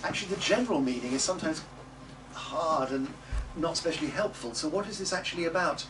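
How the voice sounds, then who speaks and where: A male music teacher with a fairly high, very lively voice, coaching a class. He sounds off the microphone, and a clear hum of room ambience runs under his speech. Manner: coaching, models words slowly and loudly for the group to repeat. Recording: distant mic with noisy room ambience.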